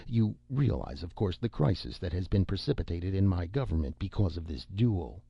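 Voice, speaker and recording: A man voicing a shrewd, formal male prime minister in an audiobook, slow and deliberate. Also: deep voice, very animated, creaky, husky, dry recording, full character voice. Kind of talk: scripted audiobook narration. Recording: dull lo-fi recording.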